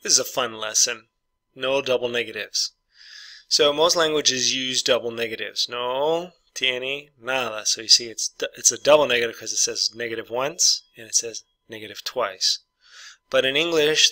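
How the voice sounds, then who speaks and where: A man's voice: medium pitch, bright, forceful tone, dry recording. A man teaching an English grammar lesson, patiently walking through example sentences and repeating each one.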